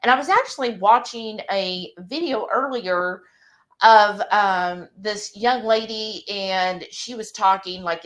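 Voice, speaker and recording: A woman hosting a live cooking stream, chatting casually in an excited, rambling way. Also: medium pitch.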